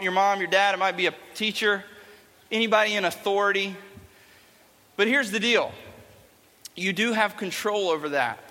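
A man's voice: high voice, pushed and bright. A young man giving a playful, chatty youth talk to a live audience in a large hall. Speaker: youth speaker.

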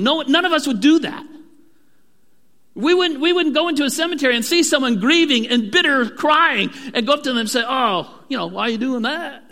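High-pitched bright-voiced preacher in a reverberant hall. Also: male voice. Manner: earnest preaching, drops to a hushed voice at key moments. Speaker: pastor. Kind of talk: sermon.

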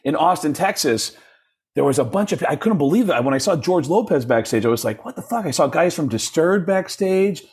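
A comedian being interviewed, telling stories in a casual, animated way. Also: male voice, a little high, a little fast, slightly rough. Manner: animated storyteller, jumps into voices when quoting people. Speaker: comedian guest.

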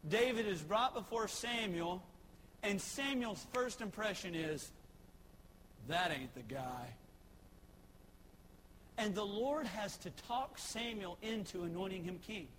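A man preaches a sermon in a folksy storytelling manner. His voice sits fairly high. It rings in a reverberant hall with faint background ambience. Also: a little slow, a bit bright, a little hiss or hum. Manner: storytelling, conversational with acted quotes.

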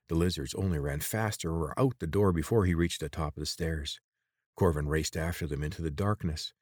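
A man narrating an audiobook in a steady, even storytelling manner. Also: very deep voice, fairly quick, slightly rough, no echo, clean studio sound.

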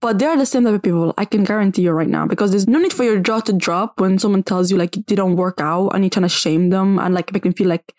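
A young woman vlogger ranting casually to camera, blunt and animated, with "like" in almost every phrase. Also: mid-range voice, quick pace, few pauses, dry recording, clean studio sound. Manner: blunt, animated, says "like" constantly.

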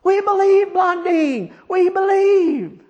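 A man voicing an excited crowd of spectators chanting in a high, strained voice. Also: slow pace, highs cut off. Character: crowd of eager cheering spectators.

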